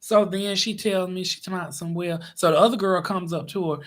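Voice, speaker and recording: A man telling a casual, exasperated story to his viewers, with big swings in his voice. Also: a little fast. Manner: animated, exasperated retelling with big pitch swings. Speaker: vlogger.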